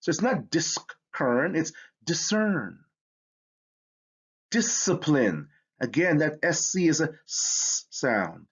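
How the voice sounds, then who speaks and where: Husky guy teaching spelling, big swoopy pitch, dull lo-fi audio. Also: measured pace. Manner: energetic, emphatic, stretches out words to sound them. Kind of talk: classroom spelling lesson. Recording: dull lo-fi sound.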